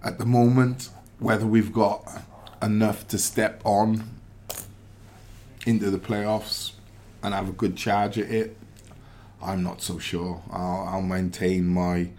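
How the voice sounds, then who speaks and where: A man talking as a pundit in a casual podcast chat, measured and reflective with frequent fillers. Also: deep voice, a little mellow, a little hiss or hum. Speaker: pundit, former footballer.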